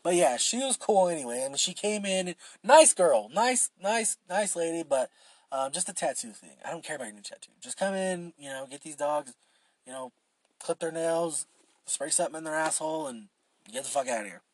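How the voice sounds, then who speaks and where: A young man hosts a solo podcast, rambling casually, swearing a lot and full of fillers and restarts. His slightly high voice is husky, expressive and brisk, recorded with no echo.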